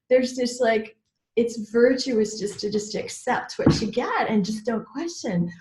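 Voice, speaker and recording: Her voice is a little high with a darkish tone, and the room gives it an echo. A middle-aged woman is mentoring a group on a casual, personal training call, talking frankly with mild swearing, many "like"s, and frequent "right?" check-ins.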